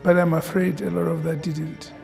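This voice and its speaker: A man speaking in a documentary interview, slow and reflective. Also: on the high side, level tone, vocal fry, a little mellow, soft background music.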